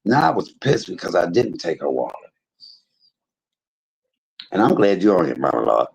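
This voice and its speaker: A man's voice: low voice, big pitch swings, moderate pace, gravelly, slightly rough, low-quality recording. A man streaming live to his viewers, telling a story in an emphatic, preachy way, full of religious exclamations. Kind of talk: casual spoken testimony to a live chat.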